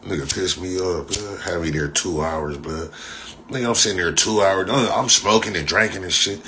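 A low-pitched man, talking in a loose, profane live-stream ramble. His voice is forceful and mocks freely, with a faint hiss behind it. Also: moderate pace. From Los Angeles. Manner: profane, mocking, rambling storyteller. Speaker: livestreamer. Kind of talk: casual live-stream chat.

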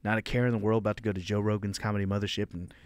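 A man's voice: lowish voice, level tone, racing, clean tone, no room sound. Young comedian guy ranting a story on his podcast, cussing and laughing, dead dry mic sound. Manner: loud, profane, laughing storyteller.

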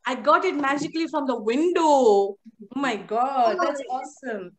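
A high-pitched young woman teaches a live phonics class online to little kids at normal speed, coaxing them in a sing-song voice with lots of praise and endearments. She's heard through a computer or headset mic on a video call, over background noise.

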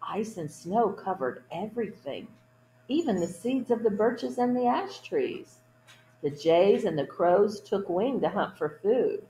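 Woman storytime reader, picture-book read-aloud, gentle asides to children. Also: medium pitch, animated, slow pace, reverberant, a little hiss or hum, rough recording. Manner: gentle asides to young listeners.

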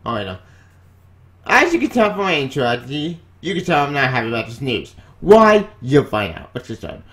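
A man hosting a vlog, ranting in exasperation and jumping between low mutters and sudden high outbursts. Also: wildly swooping pitch, normal speed, fairly bright tone. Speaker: comic book vlogger.

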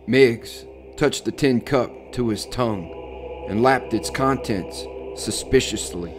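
Slow, suspenseful male storyteller. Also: fairly low pitch. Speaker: horror story narrator. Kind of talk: dramatic reading of a horror story. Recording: faint music under the voice.

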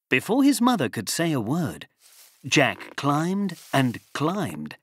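A man narrating a children's storybook in an expressive, sing-song reading voice. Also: mid-range voice, slight background noise.

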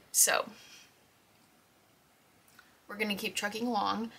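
A woman's voice: mid-range voice, moderate pace, gravelly, a bit bright, husky. A woman chatting casually in a vlog about her week and her reading, talking in a rambling way with lots of fillers while congested and with a scratchy throat. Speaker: book vlogger.

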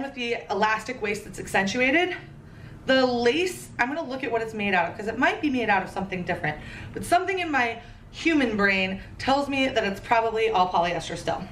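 Roomy echo and slight background noise surround this woman, who is a bit far from the mic. She's a fashion vlogger chatting casually through a try-on haul, gushing and joking playfully, in a slightly high, fairly bright voice.

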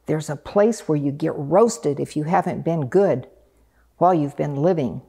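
A woman voicing a small, earnest, chatty female duck in a storybook reading, with a high, questioning voice. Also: moderate pace, dark tone, breathy edge. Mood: excited.

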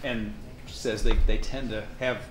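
A man's voice: on the low side, fairly even intonation, unhurried, over music. A man co-anchoring a morning news show, joking around in playful banter. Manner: playful, jokey. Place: TV news studio.

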